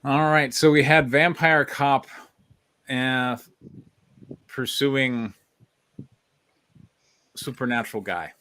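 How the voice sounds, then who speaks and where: A man's voice: medium pitch, steady tone, takes it slowly, pauses often, sharp tone. A man in a casual script workshop who steers the reading with loose, joking asides. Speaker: workshop participant.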